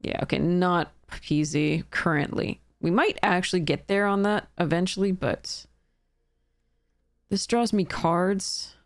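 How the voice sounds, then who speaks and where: A woman's voice: on the low side, measured pace, no echo, studio quality. A woman streaming a card game draft, thinking aloud in casual commentary and laughing at her own mistakes.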